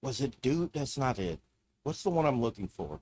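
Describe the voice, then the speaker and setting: Medium-pitched and dark-toned, a very animated man speaks at normal speed on a live stream. He rants profanely and irritably to himself as he browses videos.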